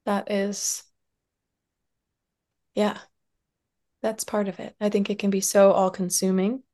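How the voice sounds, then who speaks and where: A woman speaking softly and from the heart in a reflective interview, with many pauses and fillers. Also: medium pitch, level tone. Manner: soft, heartfelt, with many likes and trailing pauses. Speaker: podcast guest, somatic practitioner and dance teacher.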